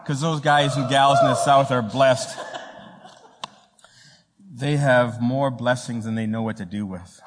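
Joking guest preacher in a reverberant church. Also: male voice, medium pitch. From raised in an Italian home. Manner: joking storyteller, halting restarts. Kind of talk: sermon with jokes. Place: church sanctuary.

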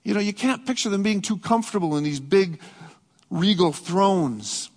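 A man preaching a sermon as pastor, earnest, rising to emphatic peaks and dropping to soft reflective passages. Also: high voice, lively intonation, moderate pace. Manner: earnest, swings between raised emphatic and soft reflective delivery. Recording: long hall reverb.

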